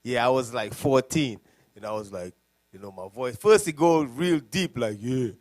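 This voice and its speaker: A man's voice: medium pitch, lively intonation, moderate pace, a little mellow. A young man serving as a deacon, speaking loosely and conversationally in a classroom, laughing at his own jokes. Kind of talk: classroom teaching.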